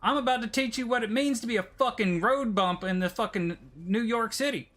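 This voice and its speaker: A swaggering redneck anime fighter, put on by a man, taunts in a thick Southern US drawl. His voice is bright and high, and it scolds like an older brother. It's an animated cartoon voice done for laughs. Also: fairly quick. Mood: taunting.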